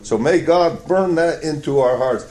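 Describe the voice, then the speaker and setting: A man's voice: a little high, a little slow, a little mellow. A male preacher delivering a sermon, telling a story with emphatic, storytelling delivery. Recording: echoey church hall.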